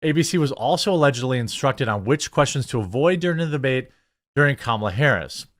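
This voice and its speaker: Male host, casual political commentary, animated and sarcastic, middle pitch. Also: fast talker. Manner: animated, sarcastic, lots of fillers.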